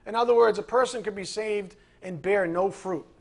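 A middle-aged man preaching a fiery sermon to a class, building to angry shouting. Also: high voice, normal speed, vocal fry. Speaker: preacher teaching a Bible class.

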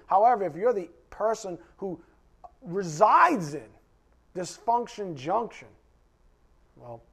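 A man preaching a conversational sermon to a Bible class. He talks directly to his listeners and swings between loud emphasis and quiet asides. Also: a little high. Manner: emphatic and direct, addressing the congregation.

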